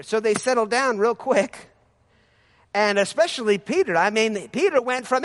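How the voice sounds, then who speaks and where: High-voiced fervent male preacher. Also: animated, moderate pace. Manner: fervent preaching, rising to shouts of praise. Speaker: pastor. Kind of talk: sermon.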